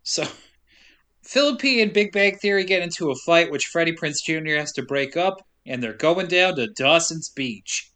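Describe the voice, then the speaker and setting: Sarcastic man recapping a movie, bright voice. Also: on the high side, expressive, moderate pace, clear, resonant tone. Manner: sarcastic, dry, swears freely. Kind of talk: casual comedic movie recap.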